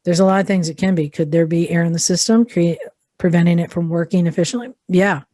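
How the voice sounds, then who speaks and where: A woman co-hosting a motorcycle podcast, chatting casually and thinking out loud with many pauses and ums. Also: lowish voice, fairly even intonation, no echo, studio quality. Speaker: podcast co-host. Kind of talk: casual chat.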